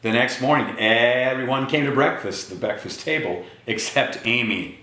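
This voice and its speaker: A man reading a picture book aloud to children, speaking to them directly in an animated way. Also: medium pitch, moderate pace. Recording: echoey room.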